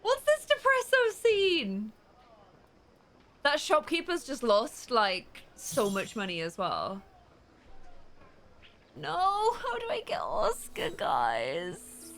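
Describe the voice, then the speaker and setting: A young woman streamer giving animated, chatty let's play commentary. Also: a little high, slow pace, slight background noise. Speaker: gaming streamer. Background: faint game music.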